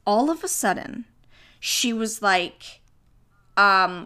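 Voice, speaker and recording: A woman's voice: medium pitch, expressive, takes it slowly, bright, forceful tone. A young woman chatting casually, telling candid stories with plenty of swearing. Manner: candid storytelling, swears freely. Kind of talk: casual chat.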